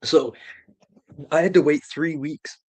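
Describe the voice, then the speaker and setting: A man's voice: fairly high pitch, steady tone, measured pace, darkish tone, no echo. Man, casual streamer, rambling and profane storyteller, dry close mic. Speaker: renovation contractor.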